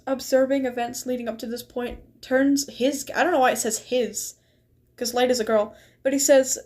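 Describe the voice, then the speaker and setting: Giggling often, a young streamer with a high-leaning, darkish voice reads a game's story text aloud. In between, she chats casually with viewers while she plays.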